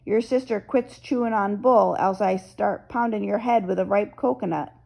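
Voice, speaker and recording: Lady doing a mean teen bully boy, snarly and bossy, kinda raspy. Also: medium pitch, moderate pace, warm tone. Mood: threatening. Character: vicious teenage boy bully, sneering and threatening.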